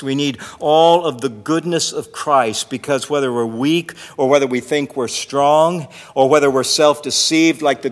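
A man's voice: mid-range voice, big-room sound. A man preaching a sermon in an earnest way, his voice swelling and dropping in volume.

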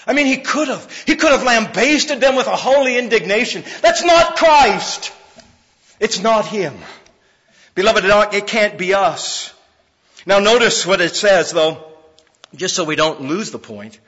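A man preaching a sermon in an emphatic, conversational way, swinging between loud, pressing lines and hushed ones, with frequent fillers. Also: high-pitched, expressive, a little slow, long reverb tail, lo-fi sound. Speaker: pastor.

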